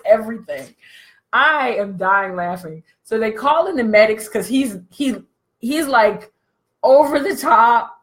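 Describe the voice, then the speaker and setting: A woman business coach telling a comic story in a slangy, animated way, laughing often. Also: fairly high pitch.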